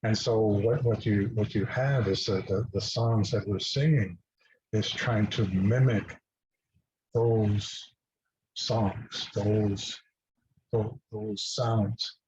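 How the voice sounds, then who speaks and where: A man speaking as a guest, telling a personal story in a halting way with many restarts and fillers. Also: lowish voice, steady tone, darkish tone. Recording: dull lo-fi recording.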